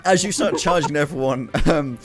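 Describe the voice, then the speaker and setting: A man's voice: a little high, normal speed, background noise. A man narrating a tabletop game as game master, playful and chuckling.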